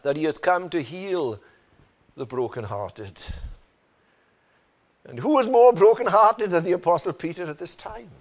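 A man's voice: high-pitched, lively intonation, unhurried, pauses often. A man preaching a sermon in an earnest manner, often asking the listeners rhetorical questions. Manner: earnest, rhetorical questions, frequent "you know" and "isn't it".

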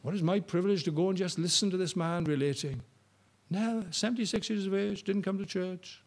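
An older man preaching a sermon, shifting between soft, slow storytelling and loud, rising appeals to the congregation. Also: high-pitched.

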